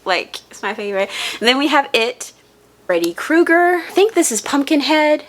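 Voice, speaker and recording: Chatty higher-voiced woman vlogger. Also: sing-song, moderate pace, fairly bright tone. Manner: chatty and rambling, heavy use of "like". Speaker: book vlogger. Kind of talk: casual unboxing and reading vlog.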